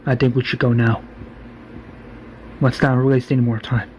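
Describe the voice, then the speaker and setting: A man's voice: medium pitch, flat delivery, normal speed, a little mellow, highs cut off, a little hiss or hum, natural voice. A man voicing an eager male survivor who urges the group to move.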